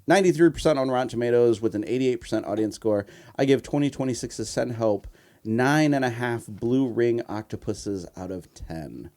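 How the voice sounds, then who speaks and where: A man's voice: medium pitch, moderate pace, a little mellow. A man co-hosting a movie podcast, chatting casually and eagerly urging friends to see films. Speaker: podcast co-host. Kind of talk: casual movie recommendation chat.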